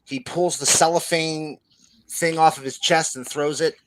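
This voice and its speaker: A man co-hosting a casual comic book livestream, animated and quick to laugh. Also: on the high side. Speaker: comic podcast co-host.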